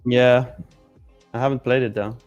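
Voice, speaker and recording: A man in his thirties co-hosting a live trading stream, relaxed and jokey as he talks to the chat. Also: medium pitch, normal speed, highs cut off, soft background music. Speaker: co-host of a live trading show. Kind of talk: casual live-stream banter.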